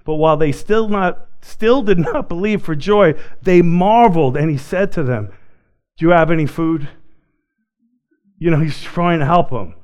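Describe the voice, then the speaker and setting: A man preaching a sermon, swinging between loud, excited passages and quiet, hushed ones. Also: fairly high pitch, moderate pace, hardly any pauses, clean tone. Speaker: pastor.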